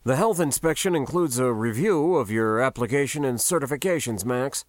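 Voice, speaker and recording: A man's voice: medium pitch, normal speed, no echo, clean studio sound, natural voice. A man voicing a cautious male health inspector who speaks formally in an audiobook. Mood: guarded. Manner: formal, careful. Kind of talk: audiobook character voice.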